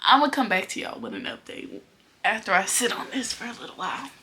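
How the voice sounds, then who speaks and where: A woman's voice: on the high side, lively intonation, fairly quick, sharp tone, a little hiss or hum. A young woman book vlogger talking casually to her viewers, venting in exasperation with repeated exclamations. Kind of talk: casual vlog talk to camera.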